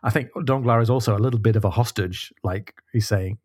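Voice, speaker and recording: A man co-hosting a casual book discussion podcast, reading passages aloud with feeling between halting restarts. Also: fairly low pitch, darkish tone. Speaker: podcast co-host.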